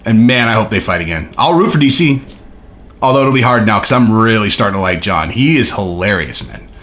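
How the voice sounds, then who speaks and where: A man's voice: lowish voice, expressive, a little fast, fairly bright tone. A man hosting his own channel, talking casually and animatedly, with lots of filler words and swearing. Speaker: host. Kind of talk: casual commentary.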